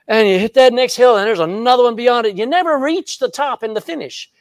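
A man preaching a sermon as pastor, emphatic and animated, often turning to the congregation with questions. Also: very high-pitched, normal speed, dry recording.

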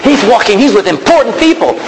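A man preaching a sermon, animated, calling out to the congregation and acting out quotes. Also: extremely high pitch, brisk. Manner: animated preaching with calls of "Amen?", acted quotes and shouts. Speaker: pastor. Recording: reverberant hall with faint background noise.

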